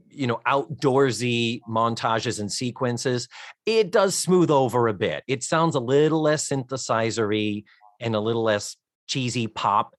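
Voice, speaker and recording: Recorded dry and close with no room sound, a middle-aged man from the United States hosts a podcast in a mid-range voice. He's wry and talkative, cursing casually as he moves between loose chat and a read-out synopsis.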